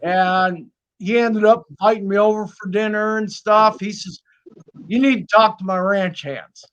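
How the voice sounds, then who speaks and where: A man's voice: sits high, steady tone, measured pace, fairly bright tone, smooth, highs cut off. A man telling folksy stories in casual chat, swearing freely and acting out the voices of people he quotes. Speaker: snake keeper on live stream.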